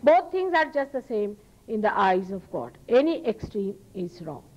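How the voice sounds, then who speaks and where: A woman's voice: mid-range voice, sing-song, moderate pace, a little mellow, muffled recording. A woman with an Indian accent giving a spiritual lecture to an audience, earnest and emphatic, repeating phrases for stress. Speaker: spiritual teacher. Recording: archival talk recording.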